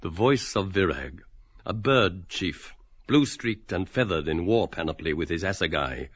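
A man narrating the stage directions of a radio play in a measured, precise reading. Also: low voice, animated, slightly rough, no room sound, muffled recording.

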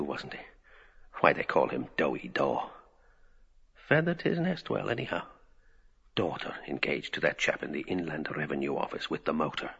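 A man's voice: low voice, vocal fry, sharp tone, breathy edge, heavily acted. A man voicing a wry, thoughtful middle-aged man's inner monologue, in muttered musing asides. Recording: reverberant, dull lo-fi.

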